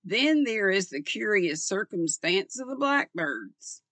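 Woman reading as a quiet, probing police inspector. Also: medium pitch, very animated, slow, no room sound.

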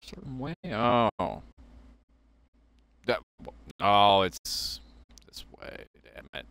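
A male streamer talking through a game as he plays, muttering and cursing at what he sees. His voice sits very low and he speaks slowly. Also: expressive, fairly bright tone, dry recording. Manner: profane, muttering to himself. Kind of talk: live game commentary.

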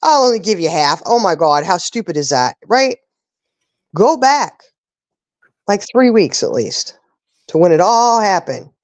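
A woman's voice: mid-range voice, sing-song, a little slow, pauses often, darkish tone, no room sound. A woman hosting a live stream, ranting indignantly with pointed rhetorical questions. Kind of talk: casual live-stream talk.

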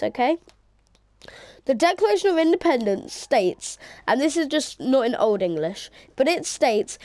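A woman's voice: a little high, expressive, measured pace, a little mellow, no echo. A woman gamer in casual chat while playing, joking and rambling on a headset mic.

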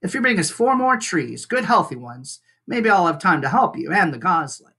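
Gruff stubborn beaver guy, low muttering voice, bit husky, teacher doing the voice. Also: big pitch swings, moderate pace, sharp tone, heavily acted. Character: grumpy stubborn male beaver.

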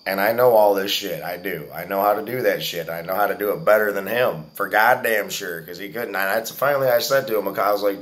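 A man's voice: fairly low pitch, normal speed, hardly any pauses, fairly bright tone. Profane, boastful man in his forties. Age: 40s. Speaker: vlogger. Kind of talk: casual storytelling to camera.

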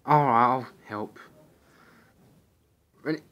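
A man's voice: medium pitch, normal speed, fairly bright tone. A man with a Scottish accent doing a comedic cartoon voiceover dub. He swears constantly and trades crude insults. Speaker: fan voiceover dubber.

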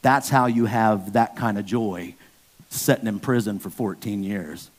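A man in his fifties preaching a sermon as pastor, candid and storytelling, with sudden loud bursts when acting out stories. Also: lowish voice, measured pace. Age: 50s.

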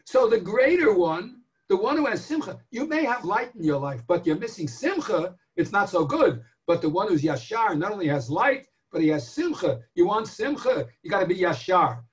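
A man giving a daily Torah lecture in a sermon style, emphatic and animated, asking rhetorical questions and stretching key words. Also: high-pitched, moderate pace, hardly any pauses.

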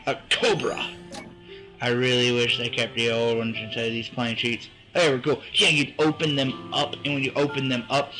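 A young man in his teens giving goofy, excitable let's play commentary, humming along to the game music. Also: medium pitch, poor audio. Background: faint game music.

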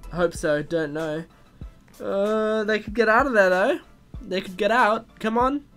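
A man reading a text story aloud and reacting excitedly as it unfolds, gasping and exclaiming at every twist. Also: sits high. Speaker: gaming video host.

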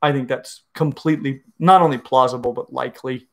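A man's voice: mid-range voice, fairly even intonation, a little fast, vocal fry, a bit bright. A middle-aged man, a reptile educator, answering viewer questions in an enthusiastic, explanatory way, often restarting his sentences. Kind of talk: casual livestream Q&A.

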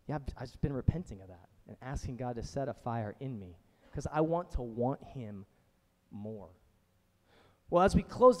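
A man's voice: mid-range voice, dark tone, long reverb tail. A man in his thirties preaching a sermon as pastor, speaking in a casual, chatty way with frequent asides. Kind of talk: conversational sermon. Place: church sanctuary.

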